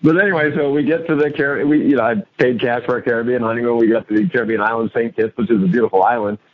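A man's voice: medium pitch, fairly even intonation, very fast, narrow, tinny audio. A man telling a story on an interview show and acting out his own lines, a coach and author as guest.

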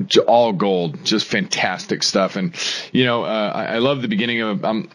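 A man's voice: fairly low pitch, fairly bright tone. A man hosting an interview, asking rambling questions full of fillers. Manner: fast, rambling, many fillers. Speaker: host.

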